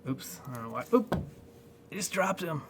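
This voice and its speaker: A man's voice: fairly high pitch, expressive, slight background noise. A man reviewing a toy figure in a casual, rambling way, full of fillers and restarts. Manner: rambling, halting, many fillers. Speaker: toy collector vlogger.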